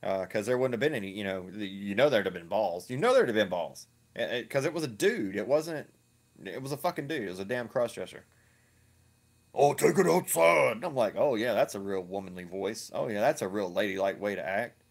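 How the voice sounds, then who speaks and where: A man's voice: on the low side, lively intonation, brisk. A man giving ranting reaction commentary, crude, profane and mocking, often repeating himself. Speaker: online video commentator.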